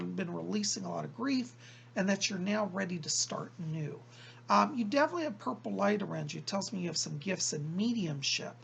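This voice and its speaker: Very gravelly animated male psychic. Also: high voice, slight background noise. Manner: keeps quoting the spirit with "he said"; speaks in slow, drawn-out phrases. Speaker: psychic medium host. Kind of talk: relayed spirit reading to viewers.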